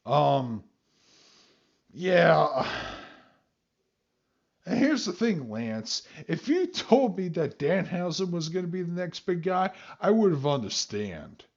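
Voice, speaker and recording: A man hosting a podcast in casual chat, animated and swearing freely. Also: fairly high pitch, slow, creaky. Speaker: podcast host. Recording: dull lo-fi sound.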